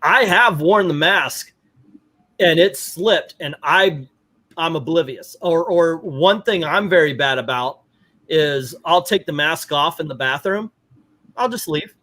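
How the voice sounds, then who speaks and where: A middle-aged man hosting a casual chat, telling stories with lively acted-out quotes. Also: on the high side, unhurried. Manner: animated storyteller, acts out quotes. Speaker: podcast host.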